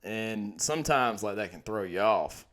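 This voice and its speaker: A man's voice: fairly low pitch, animated, normal speed, a bit bright. A man co-hosting a comedy podcast, telling rambling stories and breaking into laughter. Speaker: podcast co-host. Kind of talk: casual comedy podcast chat.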